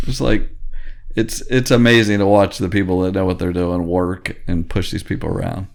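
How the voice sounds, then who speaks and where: Low-voiced rambling podcast co-host man. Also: flat delivery, normal speed, vocal fry, a little mellow. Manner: enthusiastic, rambling storyteller who acts out quotes. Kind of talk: casual chat.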